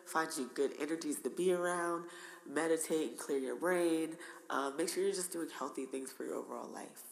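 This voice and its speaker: A woman with a New Jersey accent talks loosely as a podcast guest, laughing easily between thoughts. Her voice sits very low for a woman. The room around her rings with a long, echoey tail. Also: normal speed, creaky. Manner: laughs often, loose and chatty. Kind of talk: casual chat.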